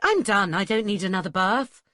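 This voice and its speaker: A woman voicing a flustered young woman disguised as a boy, protesting in shrill, panicky bursts. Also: expressive, normal speed, fairly bright tone, no echo, clean studio sound, natural voice. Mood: panicked.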